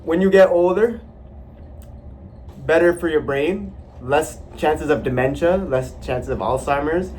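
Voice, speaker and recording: A man from South India chatting casually with a vlogger friend, agreeable and relaxed. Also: fairly high pitch, measured pace, slight background noise. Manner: easygoing, agreeable, lots of okays. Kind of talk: casual chat. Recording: roomy sound from far off.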